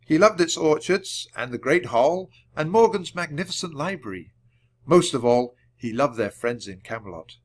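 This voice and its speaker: A man reading a children's chapter book aloud, clearly and deliberately, for language learners. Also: fairly high pitch, lively intonation. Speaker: storybook reader. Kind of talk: storybook read-aloud.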